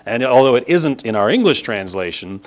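A man leading a relaxed scripture lesson, his voice sitting in a middle pitch. He keeps it conversational, often checking in with the listener and leaning hard on key words. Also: a little fast. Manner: conversational, checks in with "right?" and leans on emphasis. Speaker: Bible teacher. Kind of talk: casual scripture lesson with a map.

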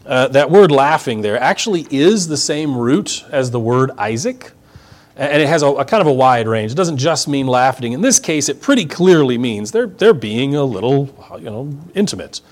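A man's voice: medium pitch, expressive, moderate pace. A man teaching the Bible in a conversational, emphatic sermon, explaining verse by verse. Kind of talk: expository sermon.

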